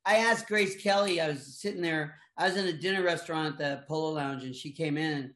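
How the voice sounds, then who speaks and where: A man's voice: a little high, fairly quick, a bit bright. Rambling older man telling stories. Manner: rambling, chuckling storyteller with frequent restarts. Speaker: voice actor guest. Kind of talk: casual anecdotal chat. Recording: echoey room.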